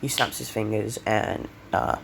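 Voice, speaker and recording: A young man casually retelling an invented fan story, rambling with many fillers and self-corrections, coughing and clearing his throat now and then. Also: on the low side, a little slow, a bit bright, a little hiss or hum.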